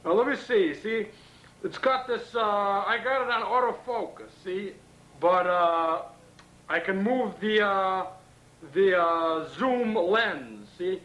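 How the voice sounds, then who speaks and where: A man's voice: high-pitched, slow, a bit bright, poor audio. A young man giving a rambling, chatty camcorder tour of his apartment, tossing in "man" and "see" as he films. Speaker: home video host. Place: small apartment bedroom. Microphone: camcorder built-in mic.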